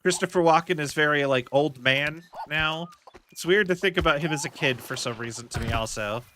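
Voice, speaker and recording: A man's voice: on the high side, fairly quick, pushed and bright, a little hiss or hum. A young man streaming a game, chatting casually in rambling tangents and swearing at his mistakes from his home setup.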